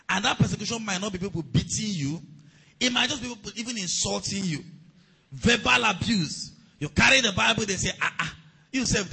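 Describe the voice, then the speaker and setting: Male pastor, high raspy voice, fiery call-and-response preaching. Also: bright, forceful tone, poor audio. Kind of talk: sermon.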